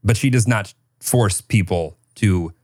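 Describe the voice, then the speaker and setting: A man in his thirties co-hosting a podcast, chatting casually with wry, deadpan jokes. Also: on the low side, a little slow, no room sound, clean studio sound. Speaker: podcast co-host. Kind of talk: casual chat.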